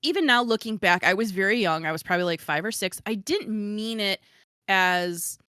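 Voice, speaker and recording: A woman's voice: mid-range voice, moderate pace, bright, forceful tone, smooth, no echo. Giggly, chatty woman podcast host. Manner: chatty, giggly, self-deprecating, lots of fillers. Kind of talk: casual chat.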